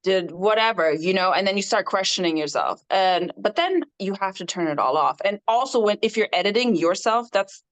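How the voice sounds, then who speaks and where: A woman guest on a podcast interview, an independent artist telling her story in an animated way with frequent laughter. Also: mid-range voice, a little fast, hardly any pauses.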